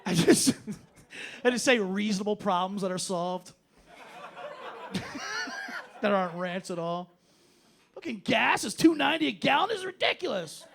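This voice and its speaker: High-voiced sarcastic stand-up comedian. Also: male voice, animated, normal speed, gravelly, long pauses, a bit bright. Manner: loose, profane, sarcastic ranting. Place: comedy club stage.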